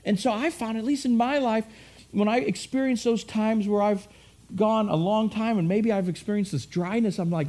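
A man's voice: sits high, normal speed, mellow. Conversational preacher, man. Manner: conversational preaching with acted quotes and repetition. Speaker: pastor. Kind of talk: sermon.

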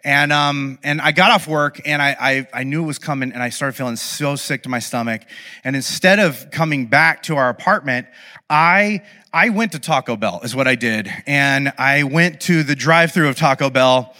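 A man preaching a sermon, telling a self-deprecating story in an animated, humorous way to an audience in a large hall. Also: mid-range voice, moderate pace. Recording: long hall reverb.

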